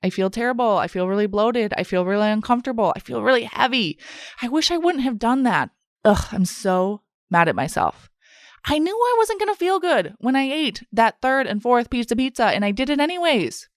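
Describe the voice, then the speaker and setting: A woman's voice: a little high, big pitch swings, brisk, no room sound, clean studio sound. A woman voicing the self-critical inner voice of a stressed dieting woman, fretting and arguing with herself. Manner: frets and argues with herself.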